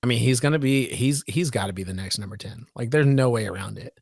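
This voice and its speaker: A man's voice: mid-range voice, fast talker, creaky, darkish tone, no echo, studio quality. A man co-hosting a casual sports podcast, talking with enthusiasm and often restarting and repeating his words. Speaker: podcast co-host.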